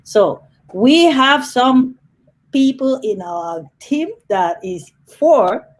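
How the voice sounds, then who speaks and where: A woman's voice: sits high, very animated, drawn-out words, poor audio. A woman hosting a live online panel over a video call, chatty and upbeat. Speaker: host.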